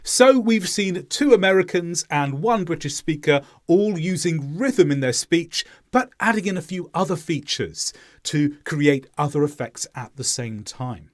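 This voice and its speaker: A man teaching English pronunciation in a clear, deliberate explaining voice-over. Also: on the high side, animated.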